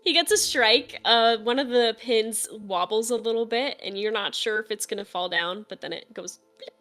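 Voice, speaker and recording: Bright, chatty woman game master. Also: on the high side, normal speed. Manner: casual, chatty, with fillers and laughs. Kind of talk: narrating a tabletop game.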